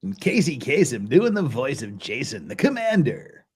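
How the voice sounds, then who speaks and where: A man's voice: medium pitch, sing-song, moderate pace, a little mellow, husky. A man talking as a guest in a casual chat, blunt and crude, laughing often.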